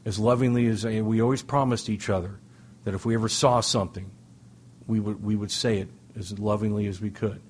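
A man's voice: on the low side, fairly even intonation, fairly quick, a little hiss or hum. A middle-aged man telling a humorous personal story to a recovery meeting, self-deprecating and full of restarts and asides. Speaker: speaker sharing at a recovery meeting.

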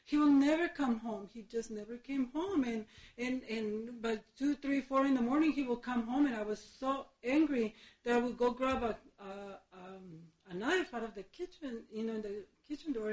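A woman's voice: fairly high pitch, a little mellow. Woman telling her story in an echoey room. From Mexico. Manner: halting, many fillers and restarts, laughs through pain. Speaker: speaker sharing her recovery story. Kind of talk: personal testimony. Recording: echoey room, dull lo-fi sound.

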